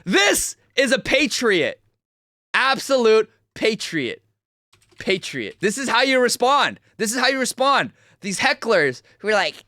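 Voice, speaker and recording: A young man hosting a livestream, reacting to a video with loud, mocking, excitable commentary. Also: very high voice, a little slow, dry recording, clean studio sound. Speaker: streamer host.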